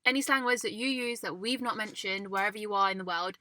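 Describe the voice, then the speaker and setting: A woman's voice: medium pitch, quick pace, sharp tone, no echo. A young woman co-hosting a casual chat in a parked car, chatty and upbeat. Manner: chatty, upbeat, wraps things up. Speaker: co-host.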